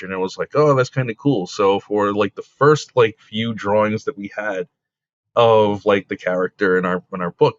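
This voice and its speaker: A man, a comic book creator, telling stories casually in an interview, full of fillers and quick laughs. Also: fairly low pitch, dry recording. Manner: rambling, with many fillers like "like" and "you know". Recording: dull lo-fi dry recording.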